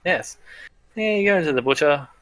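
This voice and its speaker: Bright-voiced man running a tabletop game. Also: on the high side, lively intonation, a little fast, rough recording. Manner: easygoing, chatty, laughs often. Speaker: game master.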